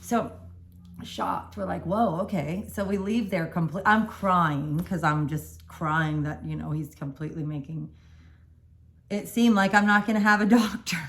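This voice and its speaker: A woman's voice: lowish voice, unhurried. A woman telling a personal story in a casual storytime vlog, rambling and correcting herself as she goes. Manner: rambling, self-correcting, animated. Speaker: vlogger telling a birth story.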